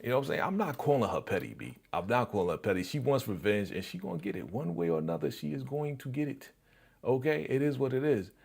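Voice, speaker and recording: A man's voice: medium pitch, sing-song, fast, gravelly, darkish tone, breathy edge. A man hosting a live-stream reaction show, recapping an episode and reading chat in a laid-back way full of fillers.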